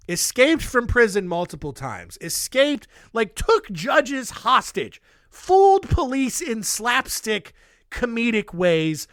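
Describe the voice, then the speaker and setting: High-voiced guy hosting a podcast, blunt and jokey, super dry close mic. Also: bright, forceful tone, no room sound. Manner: irreverent, blunt, jokey asides. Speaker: podcast host. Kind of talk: casual comedic true-crime recap.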